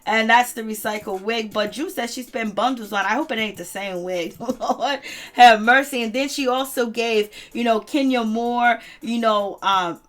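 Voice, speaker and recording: A woman's voice: on the high side, normal speed, fairly bright tone. A woman casually recapping reality TV gossip, laughing often and acting out what others said. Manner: gossipy, laughs often, quotes people dramatically. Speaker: commentary host.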